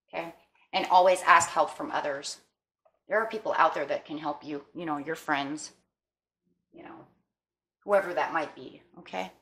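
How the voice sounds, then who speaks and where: A woman's voice: on the low side, pushed and bright. Chatty woman giving a tarot reading. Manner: chatty, often adds "okay?" and "you know". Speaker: tarot reader. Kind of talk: casual tarot reading to viewers.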